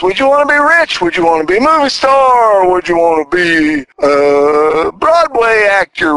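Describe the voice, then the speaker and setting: A man's voice: creaky, low-quality recording. An older man talking to listeners in a casual, folksy monologue, asking them question after question. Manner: folksy, chatty, asks the listener lots of questions; animated, swinging between high and low.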